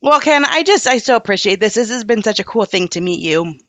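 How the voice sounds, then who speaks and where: Podcast host, woman, mid pitch, enthusiastic and affirming. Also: lively intonation, a little fast, no room sound. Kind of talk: podcast interview.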